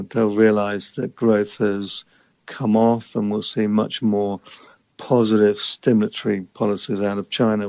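A man who invests in emerging market equities, answering interview questions in a measured, analytical way. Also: lowish voice, vocal fry, darkish tone, no room sound, muffled recording.

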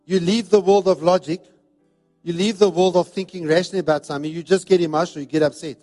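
A pastor preaching a sermon in an emphatic, repetitive cadence. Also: male voice, sits high, steady tone, fast talker, dark tone, faint music behind. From South Africa.

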